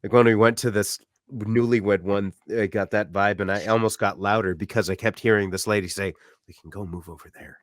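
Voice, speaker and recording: A man co-hosting a podcast, telling a story in casual chat and acting out loud shouts along the way. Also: lowish voice, brisk, few pauses, no echo, studio quality. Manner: loud, animated storyteller who acts out shouts. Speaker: podcast co-host. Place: apartment room.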